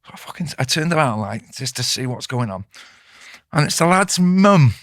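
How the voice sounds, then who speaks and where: A man hosting a podcast, telling a story in casual chat, swearing constantly and loudly acting out the voices of the people in it. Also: medium pitch, very animated, moderate pace, dry recording, clean studio sound. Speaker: podcast host.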